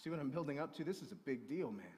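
A male pastor preaching a sermon, swinging between forceful raised passages and quiet storytelling. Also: a little high, expressive, racing. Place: church sanctuary. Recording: long hall reverb.

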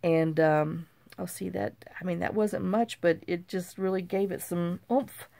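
A woman's voice: fairly low pitch, fairly even intonation, a little slow, creaky, dry recording. A woman hosting a crafting video, chatting and telling a rambling story while she works on journal cards. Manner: rambling, repeats "I said" and "you know"; warm, gossipy and easily amused. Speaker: crafting channel host.

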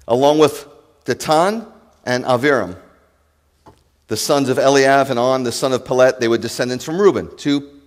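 A male rabbi preaching a sermon to his congregation, impassioned, swinging from loud declarations to hushed asides. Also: medium pitch, big-room sound. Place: congregation sanctuary.

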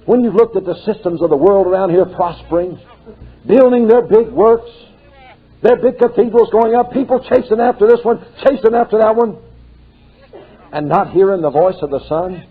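An older man preaching a folksy, storytelling sermon that climbs into fervent outbursts. His voice is high-pitched and husky. The recording is narrow and tinny, like an old cassette. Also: normal speed. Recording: tinny lo-fi tape.

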